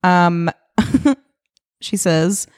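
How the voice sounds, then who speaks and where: A woman's voice: on the low side, lively intonation, very slow, a little mellow. A woman co-hosting a podcast in casual, joking chat, reading out listener emails. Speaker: podcast co-host.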